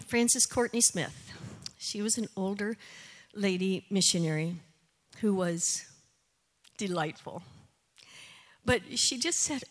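A woman's voice: medium pitch, takes it slowly, long pauses. An older woman giving a missionary testimony and prayer in an earnest, conversational way, with frequent "you know" asides. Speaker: missionary speaker. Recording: long hall reverb.

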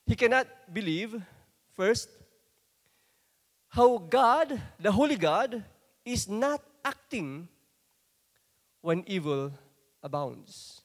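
A man preaching a sermon, dramatic in delivery and sometimes rising to forceful outbursts. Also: high-pitched, sing-song, takes it slowly, long pauses, long reverb tail.

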